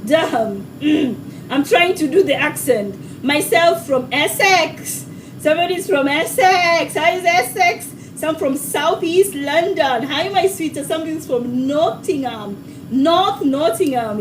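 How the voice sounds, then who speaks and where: Chatty high-voiced woman hosting a cooking stream. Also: distant mic, slight background noise, poor audio. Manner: chatty and affectionate, calls viewers sweetheart. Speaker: cooking show host. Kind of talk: live-stream cooking demo, reading viewer comments. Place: home kitchen.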